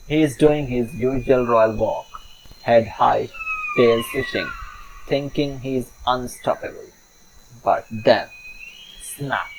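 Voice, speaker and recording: A man's voice: mid-range voice, a little hiss or hum, low-quality recording. A man telling a children's fable in a chatty, playful storybook narration with asides to the listener.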